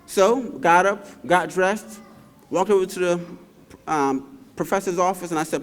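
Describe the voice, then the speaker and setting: A man's voice: sits high, measured pace, pauses often. A man giving a graduation speech, telling stories and checking in with the crowd with frequent tag questions. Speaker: commencement speaker. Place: large hall. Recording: reverberant large hall.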